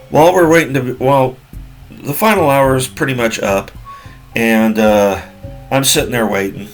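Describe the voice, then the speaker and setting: Rambling forty-something man telling a story. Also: fairly low pitch. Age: 40s. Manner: rambling, repeats himself, many fillers. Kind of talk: casual spoken storytelling.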